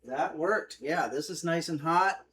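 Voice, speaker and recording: A man's voice: a little high, measured pace, background noise. A man hosting a home-kitchen cooking stream, chatting casually and loosely with lots of fillers as he reads out viewer comments. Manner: rambling, filler-heavy, easygoing. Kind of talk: casual livestream cooking demo, reading chat.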